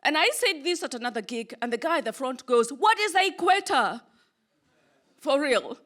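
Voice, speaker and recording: With a high voice, this comedian from Kenya works a club crowd, keeping her stand-up set deadpan and punchy while leaving room for the laughs.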